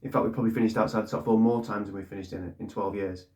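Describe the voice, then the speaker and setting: A man's voice: lowish voice, fairly even intonation, rapid-fire, darkish tone, lo-fi sound. A man giving blunt, ranting fan commentary on his club, swearing and repeating points for emphasis. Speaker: fan channel host.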